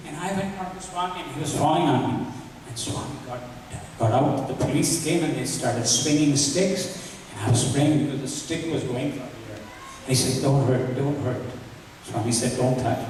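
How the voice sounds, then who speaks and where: This devotional speaker has a medium-pitched, slightly mellow male voice. Earnest in manner, he recounts personal stories and performs dialogue he remembers. The sound comes from a distance in a big, echoing hall, and a faint hiss runs underneath.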